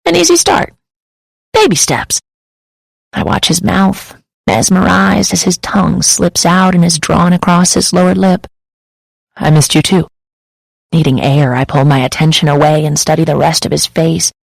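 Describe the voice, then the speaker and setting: Woman narrator for a first-person romance audiobook, intimate and emotive, gravelly texture, dry close studio sound. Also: on the low side, expressive, normal speed, no echo, low-quality recording.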